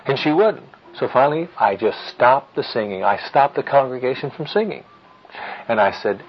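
A middle-aged man giving an earnest teaching talk with personal stories, in a measured, firm, fatherly way. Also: mid-range voice, muffled recording, slight background noise. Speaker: Christian parenting teacher.

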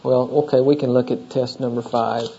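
This male pastor has a medium-pitched, gravelly voice with a dark tone, delivered flatly at a moderate pace. He teaches an expository sermon through scripture in a casual, conversational way, often asking the congregation questions. The recording is dull and lo-fi, with a little hiss or hum.

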